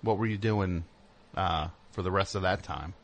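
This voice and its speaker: A man hosting a comedy call-in radio show, deadpan and probing, sometimes exasperated. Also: sits low, normal speed. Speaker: radio host.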